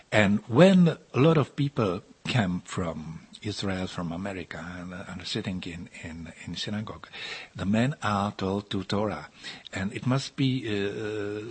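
A man in his sixties from the Czech Republic, speaking halting English with a Czech accent as an interviewed author, restarting and repeating words often. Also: lowish voice, slightly rough. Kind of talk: interview answers in non-native English.

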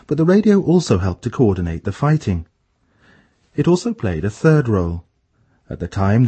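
A man hosts a radio history segment in calm, scripted narration. His voice is on the low side, with a husky grain to it. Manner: measured, explanatory. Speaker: radio program host.

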